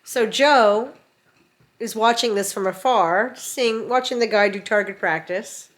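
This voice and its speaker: This is a middle-aged woman recounting a story at home, casual and animated. She slips into the voices of people in the story as she goes. Her pitch sits in an ordinary middle range. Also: measured pace. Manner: animated, acts out quotes. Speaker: vlogger. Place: home in rural mountains.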